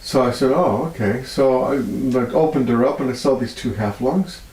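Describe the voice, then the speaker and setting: A man's voice: moderate pace, reverberant, poor audio. A man being interviewed as a healer, telling stories with much feeling and laughing often. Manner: animated storyteller, laughs often, voice rises high when moved. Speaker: healer guest. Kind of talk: storytelling interview.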